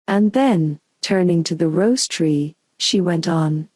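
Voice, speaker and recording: Woman narrator, soothing bedtime story, low pitch, dry close recording. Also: no room sound. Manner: calm, soothing and unhurried. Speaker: audiobook narrator.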